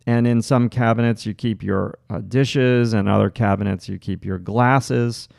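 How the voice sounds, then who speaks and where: Gravelly Long Island art teacher. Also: male voice, fairly low pitch, fairly even intonation, a little slow, darkish tone, no room sound, studio quality. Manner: thinks aloud while drawing, with frequent fillers and restarts. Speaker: art instructor. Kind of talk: livestream drawing demonstration.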